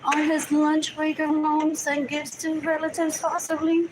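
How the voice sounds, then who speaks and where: A woman's voice: high voice, monotone, measured pace, noisy background. A woman livestreaming a rambling monologue, muttering and repeating herself as she drifts between English and Spanish. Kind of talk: rambling live stream monologue.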